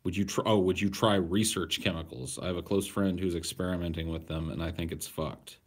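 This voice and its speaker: A man in his thirties, a podcast host, answering viewer questions in blunt, profane, deadpan casual chat. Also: sits low, brisk, slightly rough. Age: 30s.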